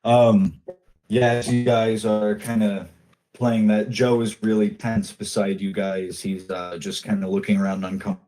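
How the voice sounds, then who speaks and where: A man narrating as game master, in a loose, halting way with many fillers. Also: lowish voice, flat delivery, dark tone, low-quality recording.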